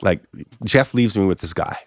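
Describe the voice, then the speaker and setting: A middle-aged man from the Big Island of Hawaii, a pastor telling stories as a podcast guest, acting out conversations with big jumps in pitch. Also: animated, normal speed, no echo, studio quality. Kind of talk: casual storytelling interview.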